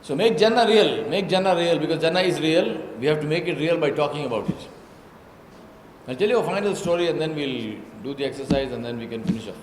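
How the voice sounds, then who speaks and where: A man's voice: a little high, animated, a little fast, music in the background. A man giving a religious talk to an audience, telling stories and often asking rhetorical questions. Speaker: Islamic speaker. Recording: echoey hall with faint background noise.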